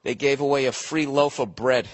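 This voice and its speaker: A man's voice: medium pitch, steady tone, normal speed, long reverb tail, slight background noise. A man hosting a podcast, delivering a profane, digressive comedic monologue. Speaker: podcast host.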